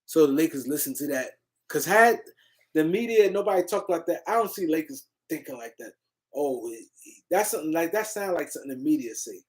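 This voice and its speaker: A man hosting a casual sports livestream, answering comments and shouting out viewers in the chat. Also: a little high, very animated, a little fast. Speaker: livestream host.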